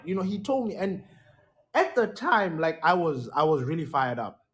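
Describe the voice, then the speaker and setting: A young adult man hosting a casual solo podcast, talking in an animated, emphatic way and repeating words for effect. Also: high voice, normal speed. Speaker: podcast host.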